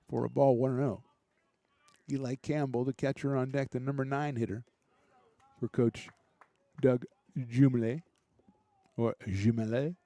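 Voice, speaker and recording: A man doing relaxed, chatty play-by-play commentary for a college baseball game, with small asides and jokes between pitches. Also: dry recording. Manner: relaxed, chatty, lightly joking between pitches, rising excitement on big plays. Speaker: play-by-play announcer.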